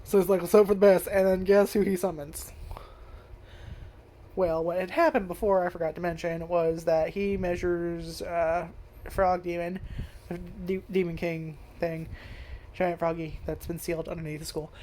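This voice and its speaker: A woman's voice: on the low side, steady tone, moderate pace, warm tone. Woman, casual anime review, rambling, profane, laughs a lot. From United States.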